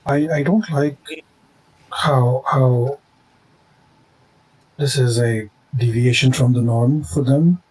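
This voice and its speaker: A man at a tabletop game, speaking in a dark, mellow voice with a husky edge. He reasons things out earnestly, restarting his sentences as he goes. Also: mid-range voice, fairly even intonation, slow pace, pauses often, dry recording, low-quality recording. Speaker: tabletop player. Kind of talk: in-character tabletop role-play.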